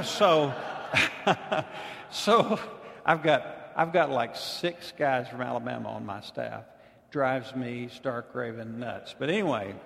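A man's voice: medium pitch, creaky. Humorous conversational male pastor preaching. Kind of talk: sermon. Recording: long hall reverb.

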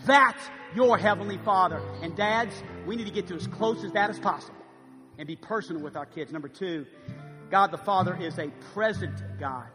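A pastor in his fifties preaching a sermon, shifting between hushed, quiet passages and loud, emphatic ones. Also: high-pitched, moderate pace. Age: 50s. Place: church sanctuary. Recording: live church recording with long reverb and music.

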